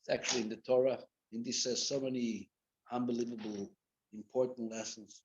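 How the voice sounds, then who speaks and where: A man teaching a live Torah class as a rabbi, mixing Hebrew and Yiddish terms into English and swinging from loud acted rebukes to quiet asides. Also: medium pitch, little pitch movement, brisk, background noise. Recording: dull lo-fi classroom recording.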